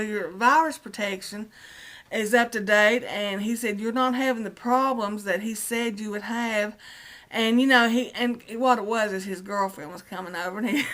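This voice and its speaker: A woman's voice: medium pitch, fairly bright tone. A middle-aged woman vlogging an indignant rant, retelling a phone call line by line with many "I said". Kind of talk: angry personal rant.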